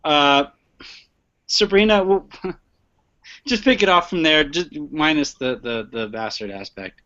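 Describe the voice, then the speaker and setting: A man's voice: on the high side, a little slow, bright, forceful tone. A man hosting a casual sports podcast, joking and laughing often, stumbling over repeated words. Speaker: podcast host. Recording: muffled lo-fi online stream.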